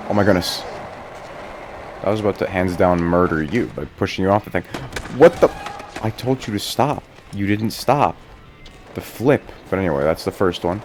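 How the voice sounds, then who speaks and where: A young man with a very low, deep voice rambles through casual gameplay commentary, drifting off topic and swearing freely. He laughs at himself and cuts his own sentences short. A faint ambient hum sits behind him. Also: darkish tone. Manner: rambling, swears often, self-mocking. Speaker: gaming YouTuber.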